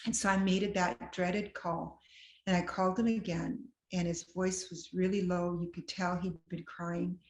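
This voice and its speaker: A woman guest telling a personal story with lively, self-deprecating humor, acting out what people said. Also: on the low side, moderate pace. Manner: acts out quoted dialogue. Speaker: guest sharing a personal testimony. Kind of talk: conversational storytelling. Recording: roomy echo.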